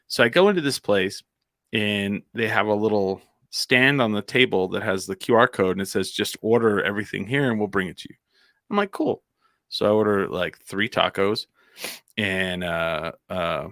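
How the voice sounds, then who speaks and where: A man's voice: on the low side, fairly bright tone, no room sound, clean studio sound. A man from Albuquerque telling a casual anecdote on a comedy podcast, rambling with plenty of "like" and restarts. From Albuquerque, New Mexico.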